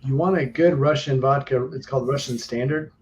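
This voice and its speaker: A man co-hosting a live stream, chatting casually and rambling through stories with drawn-out fillers. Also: mid-range voice, a little mellow, slight background noise, rough recording. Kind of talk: casual chat.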